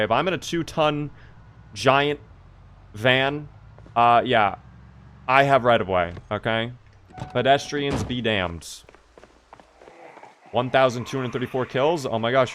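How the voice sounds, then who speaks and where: A man's voice: mid-range voice, fairly bright tone. A young man commenting casually on a live game stream, joking, swearing and answering chat as he plays. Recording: noisy stream audio with clicks.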